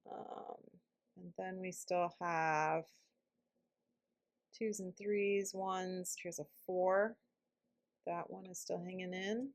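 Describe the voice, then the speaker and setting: A woman's voice: on the low side, gravelly. A woman guiding a self-help tapping session, speaking reflectively and dropping to a whisper on some phrases. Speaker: EFT tapping practitioner.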